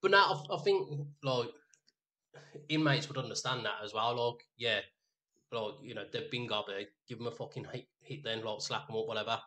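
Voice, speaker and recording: A man chats casually on a podcast, swearing easily and padding his lines with fillers. His voice has a bright, forceful edge at a middle pitch. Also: normal speed. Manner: laid-back, sweary, lots of fillers. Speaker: podcast co-host. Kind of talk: casual chat.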